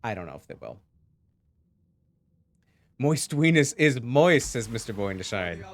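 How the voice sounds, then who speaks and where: A man casting a live video game match, with goofy, jokey asides between calls. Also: medium pitch. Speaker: esports caster.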